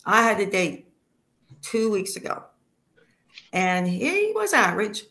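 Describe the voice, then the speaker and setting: A woman works through a stand-up set of dry one-liners, leaving pauses for the jokes to land. Her voice sits at a middle pitch. She is recorded over a video call. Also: sing-song, bright, forceful tone. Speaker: stand-up comedian. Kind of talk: stand-up comedy routine.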